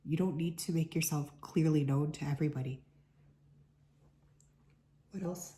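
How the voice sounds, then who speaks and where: Woman, tarot reader, hoarse sick voice, low and mellow, echoey room. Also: steady tone, moderate pace. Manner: chatty, lots of "like" fillers. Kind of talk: casual collective card reading to viewers.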